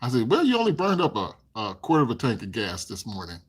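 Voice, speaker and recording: A man's voice: medium pitch, huge pitch swings, fast talker, husky. A man casually telling stories on a live stream, chuckling often and acting out other people's lines. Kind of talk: casual storytelling.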